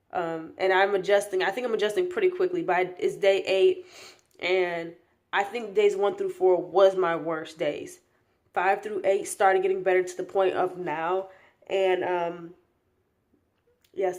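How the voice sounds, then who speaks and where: A young woman talking casually in a rambling vlog update, tired and yawning, with a slight lisp from new braces. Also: lowish voice. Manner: chatty, rambling, with many fillers and restarts. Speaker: vlogger.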